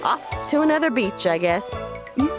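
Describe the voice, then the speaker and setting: A woman with a high, sing-song voice hosts a children's nature program. She sounds eager and curious, her pitch leaping up and down as she talks. Music runs softly behind her. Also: big pitch swings. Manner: bright, eager and curious, quick to laugh. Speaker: children's show host. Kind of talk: upbeat kids' TV presenting. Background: background music.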